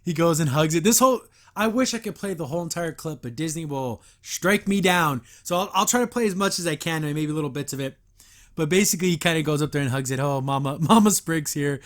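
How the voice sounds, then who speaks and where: Man, podcast host, casual review, high voice, chatty, acts out scenes. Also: fast. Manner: chatty, retells scenes acting out lines, laughs often.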